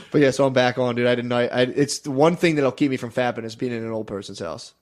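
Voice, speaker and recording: A man's voice: mid-range voice, expressive, fast talker. A man co-hosting a podcast in loose, joking banter, laughing often and saying "dude" a lot. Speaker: podcast co-host.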